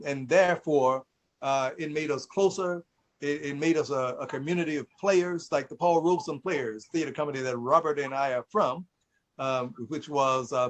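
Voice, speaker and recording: A man's voice: fairly high pitch, rough recording. Storytelling male host. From Mississippi, USA. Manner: storytelling, laughs often. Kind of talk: casual conversation.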